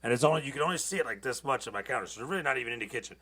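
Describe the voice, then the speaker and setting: A man's voice: medium pitch, animated, racing, fairly bright tone, slightly rough. A tired man hosting a podcast, ranting in a loose, rambling monologue full of profanity and restarts. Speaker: podcast host.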